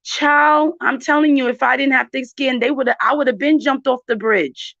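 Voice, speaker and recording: A woman's voice: sits high, moderate pace, a bit bright, no room sound. A woman, talking emphatically and directly to her viewers in a casual chat. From New York. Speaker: channel host. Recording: dry, dull lo-fi sound.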